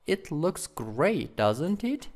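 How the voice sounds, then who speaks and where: A man's voice: a little high, big pitch swings, extremely slow, darkish tone, voice pushed up, exaggerated voice. A male teacher reading a schoolgirl's part in a textbook dialogue, in plain read-aloud style.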